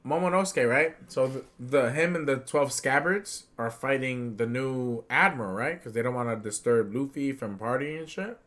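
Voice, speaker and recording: A young man with a bright, forceful tone chatting loosely on a podcast. He talks in excitable, slangy bursts, jumping between low mutters and loud acted-out lines. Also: moderate pace, few pauses. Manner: excitable, slangy, acts out characters' lines in swinging voices. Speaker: podcast co-host. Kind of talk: casual chat.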